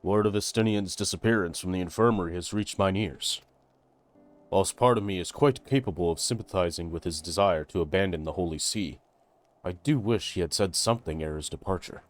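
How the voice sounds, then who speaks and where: A man's voice: deep voice, a little fast, close to an everyday voice. A man voicing a formal noble knight-commander in a game, speaking in stately, old-fashioned phrasing. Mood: solemn. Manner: stately, archaic speech.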